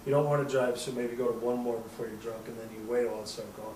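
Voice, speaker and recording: A steady, slightly mellow mid-range voice moves at a quick pace with hardly any pauses as this Midwestern man in his thirties hosts a podcast. He tells a long, rambling, profane story, laughing often and voicing the people he quotes; the echoey room, distant mic, and slight hiss or hum are audible.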